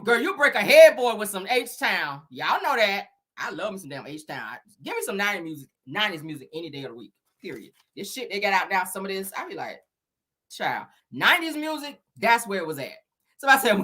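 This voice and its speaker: A sassy woman dishes celebrity gossip to her livestream viewers, calling them honey and child. Her voice is bright and ringing, and her pitch swoops up and down as she teases.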